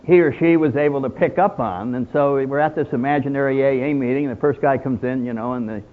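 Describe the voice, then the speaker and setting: A man's voice: mid-range voice, fast talker. A man speaking at a recovery meeting in a conversational storytelling way. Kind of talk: personal talk with told jokes. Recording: tinny phone-like sound.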